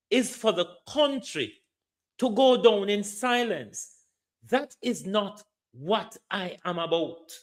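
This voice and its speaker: Impassioned Jamaican man, lively pitch. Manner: lecturing, challenges listeners with questions. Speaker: political commentary host. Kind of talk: impassioned political commentary.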